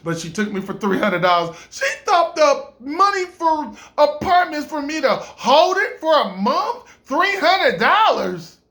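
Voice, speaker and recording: A man telling a casual comic story, animated and stammering, jumping up in pitch and volume at the big moments. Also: measured pace, hardly any pauses. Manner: animated, stammering, rising into shouts. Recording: roomy echo.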